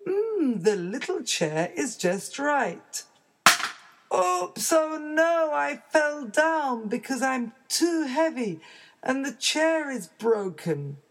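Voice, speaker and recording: A woman's voice: medium pitch, voice pushed up. A woman voicing a curious, fussy little girl who exclaims about everything in a storybook reading. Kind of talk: storybook read-aloud.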